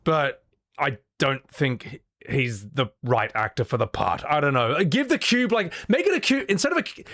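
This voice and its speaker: A young Australian man rants about game trailers to his chat, swearing freely. His voice is fairly high for a man and swings widely in pitch as he gets worked up. The sound is dry and close to the mic. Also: no room sound. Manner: ranting, sweary, animated. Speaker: streamer reacting to trailers. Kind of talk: casual livestream reaction.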